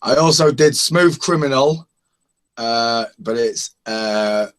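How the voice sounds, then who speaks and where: A man's voice: mid-range voice, takes it slowly, fairly bright tone. A man chatting casually in an online hangout, rambling and chuckling as he lists parody songs he has made. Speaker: open-mic hangout participant. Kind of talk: casual chat.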